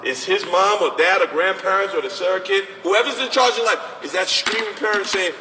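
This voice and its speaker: A man with a bright, somewhat high voice speaks lively and conversationally to a room of parents, taking their questions. He is heard from a distance in a large, echoing hall with a long reverb tail and a faint hum of noise behind him. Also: normal speed, hardly any pauses. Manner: animated and conversational, acts out parents and coaches. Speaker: basketball recruiting advisor speaking to parents. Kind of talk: informal talk to an audience with questions.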